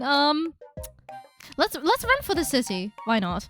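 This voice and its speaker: High-pitched lady streamer reading game text aloud, gets startled a lot, voice jumps all over. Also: unhurried, soft background music. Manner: excitable, easily startled, frequent exclamations.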